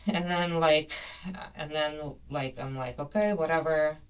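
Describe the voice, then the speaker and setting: A woman's voice: low voice, fairly even intonation, slow pace, clean tone, dull audio. Rambling, apologetic woman in police interview. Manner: rambling, filler-heavy, apologetic. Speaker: detained airline passenger.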